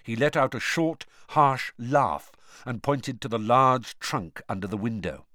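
A man narrating an audiobook with an expressive, varied delivery. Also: mid-range voice, a little slow, no echo, clean studio sound. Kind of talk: storybook narration.

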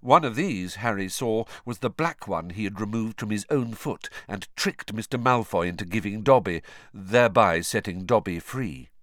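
A man with a lowish voice narrates an audiobook from a script, telling the story expressively at normal speed. The studio sound is clean, with no room sound.

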